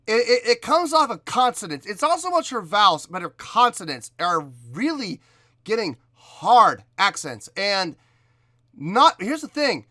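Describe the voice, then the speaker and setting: Lively, bright-voiced man reviewing a song. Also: high-pitched, unhurried, no room sound, clean studio sound. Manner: explains vocal technique, scats rhythms to illustrate. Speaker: music reaction video host. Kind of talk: analytical reaction commentary.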